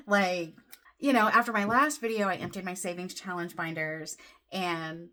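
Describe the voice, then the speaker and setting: A woman vlogging about her budget, counting cash under her breath and then gushing with excitement. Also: on the low side, moderate pace. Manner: excitable, counts money aloud softly then gushes. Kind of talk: casual vlog, counting cash. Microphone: desk camera mic, off-camera voice.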